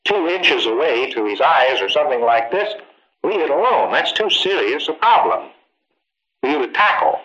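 Male lecturer, bright and pointed, emphatic, quips and rhetorical asides, dull old tape. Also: mid-range voice. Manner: emphatic, acts out exchanges, rhetorical questions. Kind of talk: informal training lecture.

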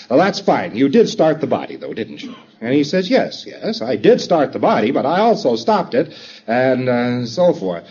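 A man giving an instructional lecture, acting out both sides of the dialogue, halting, with frequent fillers. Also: fairly low pitch, a little mellow, husky. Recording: dull lo-fi tape with faint hiss.

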